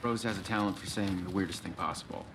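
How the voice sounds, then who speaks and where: A man's voice: deep voice, steady tone, fast, distant mic, background noise, lightly acted. An actor playing an easygoing small-town male sheriff with a folksy, joking manner. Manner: laid-back, folksy, joking.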